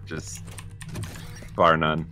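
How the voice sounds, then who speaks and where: A man's voice: extremely low pitch, completely flat delivery, sharp tone, soft background music. A man chatting casually on a game stream, tripping over his words as he starts his sentences. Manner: halting, repeats words when starting. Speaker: stream co-host. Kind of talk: casual gaming stream chat.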